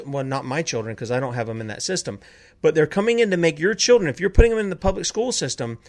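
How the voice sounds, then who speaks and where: A man hosting a talk show, lecturing his listeners with rhetorical questions. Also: high voice. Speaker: host.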